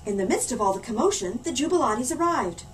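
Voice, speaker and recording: A woman librarian reading a storybook aloud with lively, expressive delivery. Her voice is high and animated. It is caught from a distance in a library, with a faint hum behind. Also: quick pace. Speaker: children's librarian.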